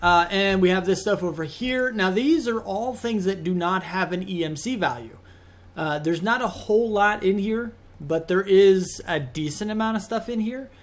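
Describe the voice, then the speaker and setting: Man, high voice, casual gameplay commentary, chatty, easily exasperated, rambling. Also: normal speed. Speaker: let's play host.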